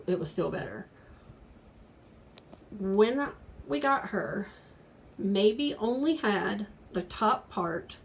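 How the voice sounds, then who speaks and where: A woman's voice: medium pitch, vocal fry, slight background noise, low-quality recording. A woman in her forties talking earnestly in a casual home video from her pet room, pleading with viewers at points. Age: 40s. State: out of breath. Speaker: pet vlogger.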